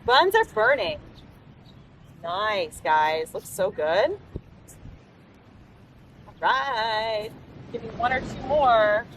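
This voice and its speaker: A woman's voice: a little high, very animated, extremely slow, long pauses, fairly bright tone. A woman fitness instructor leading a live outdoor workout class on a beach, giving upbeat, encouraging cues. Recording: distant mic outdoors with faint background noise.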